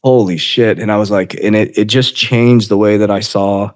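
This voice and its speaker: A man in his forties, a podcast guest, telling his life story in an earnest, halting way. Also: on the low side, flat delivery. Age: 40s. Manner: earnest, halting, often laughing while recounting. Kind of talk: emotional personal storytelling.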